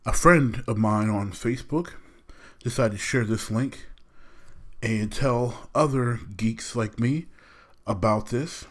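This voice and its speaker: A man's voice: mid-range voice, slow, fairly bright tone. A young adult man hosting a podcast, talking casually and animatedly with slang while venting his frustration. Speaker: podcast host.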